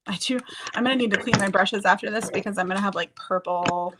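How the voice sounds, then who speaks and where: A woman's voice: mid-range voice, quick pace, very noisy. A woman chatting casually and rambling as she does her makeup, swearing now and then. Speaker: streamer doing makeup on a group call. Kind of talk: casual chat.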